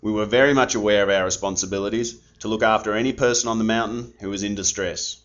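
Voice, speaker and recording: A man's voice: fairly low pitch, steady tone, fast talker, a bit bright. An older man, speaking firmly and formally in an interview. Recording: dull lo-fi audio.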